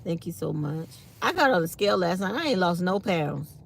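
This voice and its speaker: Sleepy woman just chatting w her viewers, kinda low and gravelly, reads comments out. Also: expressive, normal speed, a little hiss or hum. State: tired and yawning. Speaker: channel host. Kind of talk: casual morning chat to viewers.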